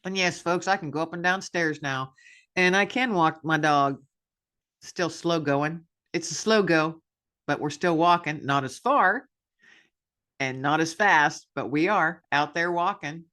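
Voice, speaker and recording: Brief: woman podcast host, candid self-deprecating monologue, bright forward tone. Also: deep voice, a little slow. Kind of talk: personal reflection monologue.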